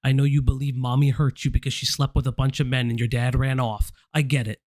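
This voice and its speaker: A man's voice: mid-range voice, little pitch movement, fast, darkish tone, no room sound, clean studio sound. A man hosting a live stream, speaking bluntly and confrontationally to someone he addresses directly. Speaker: stream host. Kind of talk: casual live-stream commentary.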